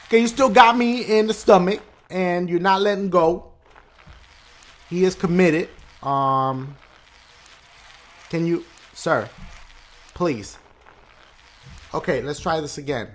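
A man hosting a let's play channel, loud and excitable, swearing a lot and shouting at the game. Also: a little high, normal speed, long pauses. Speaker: gaming channel host.

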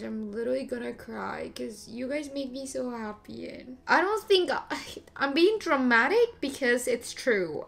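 A woman's voice: fairly high pitch, vocal fry, slight background noise. A woman in her twenties talking to camera in a casual vlog, chatty and emotional, gushing with thanks. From moved to the US as a teen. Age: 20s. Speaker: vlogger.

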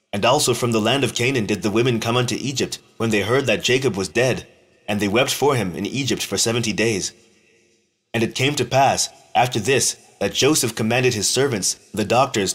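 A man reading an old religious text aloud in a slow, measured, solemn manner, with deliberate phrasing. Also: lowish voice, fairly bright tone, husky. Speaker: scripture reader.

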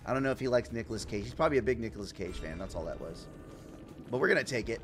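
Loud, lively male streamer chatting. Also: mid-range voice, rapid-fire, noisy background. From Puerto Rico. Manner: loud, profane and playful, reacting to chat. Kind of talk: casual live-stream chat.

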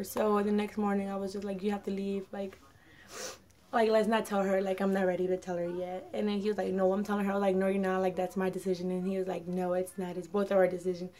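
Chatty nineteen-year-old woman vlogging. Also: medium pitch. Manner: rambling, full of "like" and "um"; acts out quoted dialogue in her telling. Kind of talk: casual personal storytelling.

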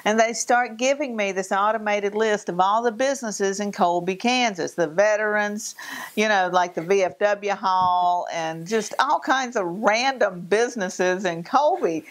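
A woman from Virginia and North Carolina with a Southern Appalachian accent, co-hosting a casual chat and telling animated stories. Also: medium pitch, a little slow. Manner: animated storyteller, mimics voices. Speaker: co-host.

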